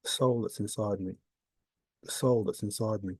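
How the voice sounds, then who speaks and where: A video blogger giving a rambling spiritual monologue, talking in an intense, repetitive way and swearing. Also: male voice, fairly low pitch, fairly even intonation, normal speed, darkish tone, breathy edge, no room sound.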